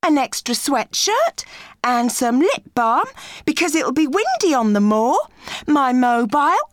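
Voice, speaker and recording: An excitable schoolgirl on a field trip, as a woman reader puts her on. She speaks high and shrill, breathless with excitement, in a slow storybook read. The recording is dry and close. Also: no room sound. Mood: chirpy.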